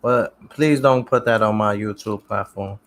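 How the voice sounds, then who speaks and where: A man hosting a casual livestream, answering viewer comments in relaxed street slang and often repeating his phrases. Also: lowish voice, unhurried. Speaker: livestream host reading comments.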